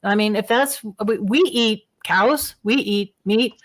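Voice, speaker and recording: Woman guest, mid-pitched, lively storyteller who laughs easily. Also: takes it slowly. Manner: animated storyteller, laughs often. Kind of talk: casual interview talk.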